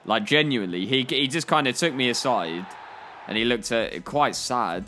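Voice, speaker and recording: A man's voice: mid-range voice, expressive, normal speed, bright, forceful tone. A young man commenting on his football game, spinning rambling, jokey stories full of "like". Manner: rambling, jokey storytelling with frequent "like". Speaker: gaming YouTuber. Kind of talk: comedic gameplay commentary.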